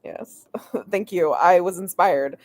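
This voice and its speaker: A woman's voice: fairly low pitch, slow. A woman hosting a casual live stream from her bed, chatty and giggly with lots of fillers. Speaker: streamer host. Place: lying in bed at home. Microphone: headphones with mic.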